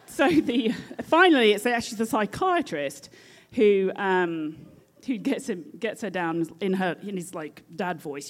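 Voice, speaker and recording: A British woman, a nurse, tells a story from her working life. Her delivery is lively and animated, and laughter often breaks into her speech. Her voice sits in a middle pitch range. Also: slow pace. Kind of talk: personal storytelling.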